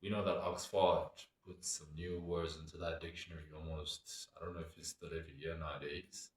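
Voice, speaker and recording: Low-voiced guy w a rambling thoughtfully, sounds far off in a roomy space. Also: flat delivery, brisk. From Botswana. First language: Setswana. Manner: reflective, meandering. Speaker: cultural commentator. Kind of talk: casual monologue. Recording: echoey room, away from mic.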